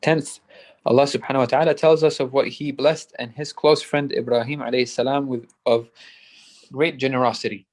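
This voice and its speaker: A man reading a translated religious commentary aloud, point by point in a steady manner. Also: medium pitch. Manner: steady, numbered points read from text. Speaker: student reader.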